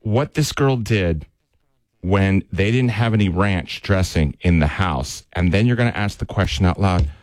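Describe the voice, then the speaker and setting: A man's voice: deep voice, lively intonation, unhurried, darkish tone, a little hiss or hum. A man co-hosting a morning radio show, joking and teasing in casual banter.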